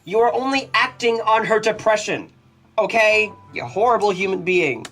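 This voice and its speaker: A woman's voice: mid-range voice, lively intonation, moderate pace, fairly bright tone. Outraged woman gamer reacting to a game. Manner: outraged, exclaiming, with nervous laughter. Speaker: let's play gamer. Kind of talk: emotional game commentary.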